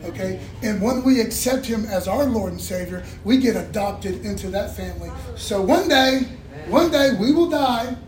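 A man's voice: high voice, expressive, normal speed, a little mellow. A male pastor preaching a sermon in a folksy call-and-response style, with casual asides to the congregation. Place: church. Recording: echoey room, faint room noise.

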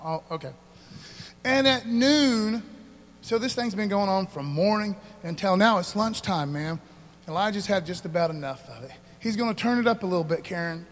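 Laid-back preacher guy, pretty high voice, keeps saying man, big echoey hall. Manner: casual and animated, says "man" a lot, preaches with bursts of energy. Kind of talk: sermon.

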